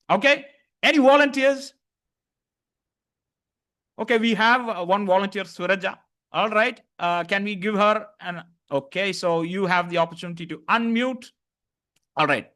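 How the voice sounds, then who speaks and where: A man's voice: sits high, fairly bright tone. A man leading an online master class on voice, demonstrating tones and encouraging participants. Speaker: voice coach.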